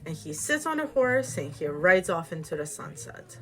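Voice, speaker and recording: A woman's voice: fairly low pitch, sing-song, moderate pace, fairly bright tone, faint music behind. A woman casually retelling a fairytale, chatty and digressive, often checking in with "right?". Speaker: storyteller.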